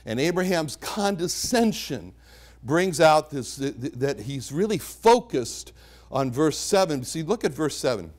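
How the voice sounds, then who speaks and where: Guy preaching in a chapel, fairly high voice that swings all over, lots of emphasis. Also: measured pace. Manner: animated, emphatic Bible teaching with repetitions. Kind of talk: sermon. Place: church chapel.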